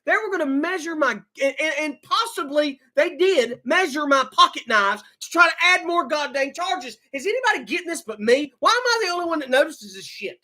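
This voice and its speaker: A man's voice: very high-pitched, sing-song, normal speed, pushed and bright. A man hosting a live stream, ranting angrily and swearing, often repeating and restarting his words. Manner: heated, profane, repeats himself. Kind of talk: angry live-stream rant.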